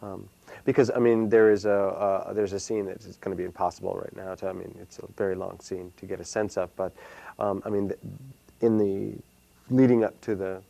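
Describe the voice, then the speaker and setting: Gravelly man, halting and thoughtful. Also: sits low, little pitch movement, dark tone, no echo, poor audio. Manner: hesitant, many fillers and restarts. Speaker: solo performer and playwright. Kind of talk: casual interview answers.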